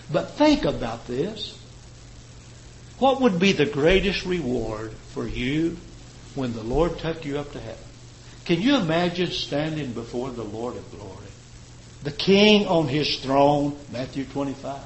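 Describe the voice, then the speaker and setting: A man preaching a sermon, rising to loud, high emphasis and dropping to quiet, slow phrases. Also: sing-song, slight background noise, low-quality recording. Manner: impassioned, swelling and dropping in pitch and volume; slows and stretches key words for emphasis.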